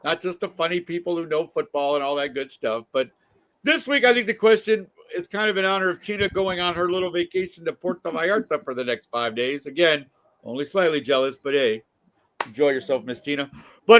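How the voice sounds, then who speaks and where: A man's voice: high voice, pushed and bright. A man hosting a casual talk show, chatting and joking asides to the audience. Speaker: host. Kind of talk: casual chat.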